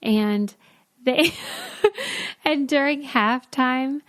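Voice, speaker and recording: A woman's voice: high-pitched, extremely slow, a bit bright, no room sound, studio quality. A woman co-hosting a podcast in casual chat, wry and steering the talk along. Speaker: podcast co-host.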